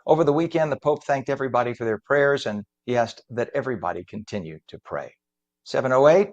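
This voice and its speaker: Chatty opinionated male morning news host. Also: medium pitch. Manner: chatty, opinionated asides, self-aware know-it-all. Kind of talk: news reading with opinionated commentary.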